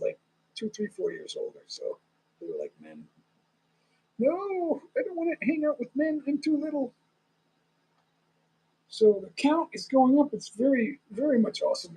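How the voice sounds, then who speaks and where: A man with a high-pitched, warm, husky voice and vocal fry chats casually on a live stream, rambling, speaking straight to viewers, and chuckling often. The recording quality is low.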